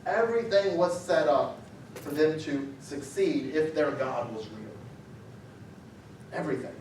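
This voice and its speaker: Animated preacher in an echoey church. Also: male voice, fairly high pitch, measured pace, a little hiss or hum. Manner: animated, acts out the story with raised voice for quotes. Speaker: pastor. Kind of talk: sermon. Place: church sanctuary. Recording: echoey church sanctuary, mic at a distance.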